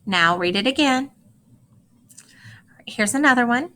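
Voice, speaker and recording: A woman teacher gives a recorded lesson, reading short poems aloud slowly and carefully and telling students how to practice them. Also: mid-range voice, lively intonation, sharp tone, slight background noise. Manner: slow, careful, instructive read-aloud with clear phrasing.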